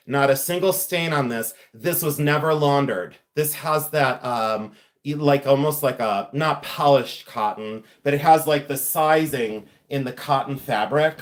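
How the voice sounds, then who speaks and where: A man hosting a casual live stream, chatty and excitable, talking straight to the chat and slowing down to explain details. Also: mid-range voice. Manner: slows down to explain quilt details. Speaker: live-stream reseller host.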